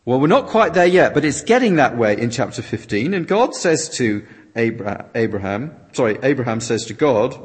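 Husky male preacher in a reverberant hall. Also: mid-range voice, moderate pace. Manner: expressive, with dramatic readings of quotations. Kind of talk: sermon with interpretation. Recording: long reverb of a large hall.

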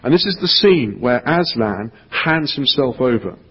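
A male pastor giving an earnest sermon, reading a storybook aloud and dropping to a hushed voice for emphasis. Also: medium pitch, animated, unhurried, slightly rough. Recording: echoey hall, dull lo-fi sound.

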